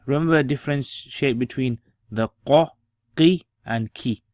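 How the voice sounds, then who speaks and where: A man's voice: mid-range voice, normal speed, darkish tone, dry recording. A man teaching beginners to read letters step by step, patiently repeating each sound for the listener to copy. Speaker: Quran reading teacher.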